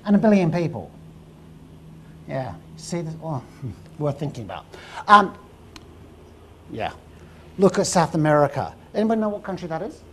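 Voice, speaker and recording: A woman lecturing to a live audience in a lecture room. Her voice sits on the low side but leaps around with lively, animated inflection. She spins history into a story and keeps asking the audience questions, over a faint hum of room ambience. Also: normal speed, long pauses. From England.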